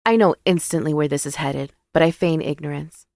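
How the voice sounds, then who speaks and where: Woman reading a romance audiobook, low voice w some fry, measured and wry. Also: darkish tone, no room sound, studio quality. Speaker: audiobook narrator. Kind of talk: first-person romance novel narration.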